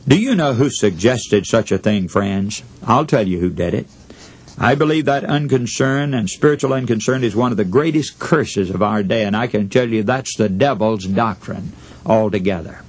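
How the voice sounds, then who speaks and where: A man with a husky, breathy voice preaching a radio sermon. He talks in an earnest, pleading way and slows down for dramatic readings. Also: lowish voice.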